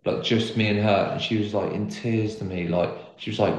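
A man's voice: lowish voice, fairly even intonation, brisk. Earnest young man, roomy sound. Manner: rambling, full of "like" fillers, earnest. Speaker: guest footballer. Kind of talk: casual storytelling chat. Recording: roomy echo.

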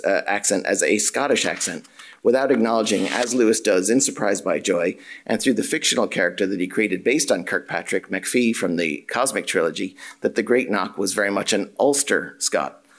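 A man, a drama and theatre studies lecturer, reading an academic paper aloud in a measured, formal way with occasional dry asides. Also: lowish voice.

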